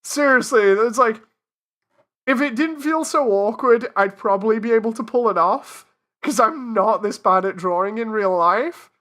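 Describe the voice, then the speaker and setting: A woman with a slightly high, bright, forceful voice gives casual live-stream commentary. She talks herself through each step and laughs off her own mistakes in a self-deprecating, chatty way. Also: normal speed.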